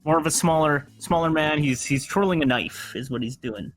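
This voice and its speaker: A man narrating a tabletop game as game master, halting and full of restarts. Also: on the high side.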